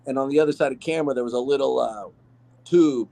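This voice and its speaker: A man from Arizona, an actor guest on a podcast, telling behind-the-scenes stories in a relaxed, rambling way with lots of fillers. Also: mid-range voice, quick pace, vocal fry. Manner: relaxed storytelling with many fillers. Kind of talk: casual podcast interview.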